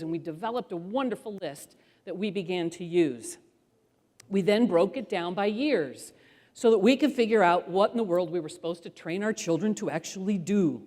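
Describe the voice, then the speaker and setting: A middle-aged woman speaker telling parenting stories to an audience, animated and acting out voices as she goes. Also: medium pitch. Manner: animated storyteller who acts out voices. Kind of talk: storytelling talk to an audience. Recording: long hall reverb.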